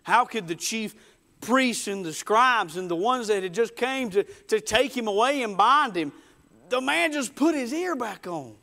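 High-voiced preacher. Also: male voice, animated, measured pace, pushed and bright. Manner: emphatic storytelling, acts out quoted voices. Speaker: pastor. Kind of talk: sermon.

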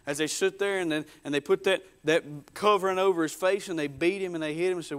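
A man's voice: a little high, fast talker, few pauses, clean tone. A man preaching a sermon, telling the story emphatically and acting out the voices in it. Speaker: pastor.

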